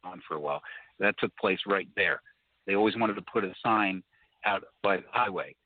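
A man calling in to a talk show, telling a story in a rambling, halting way with many restarts. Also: low voice, no echo. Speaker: caller. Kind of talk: casual phone conversation. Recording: tinny phone line, dry.

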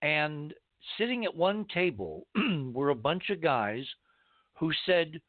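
A man's voice: a little high, animated, unhurried, no room sound. A man hosting a casual talk show, telling a rambling story from his childhood. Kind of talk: casual talk-radio conversation. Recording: tinny phone-like line, dry.

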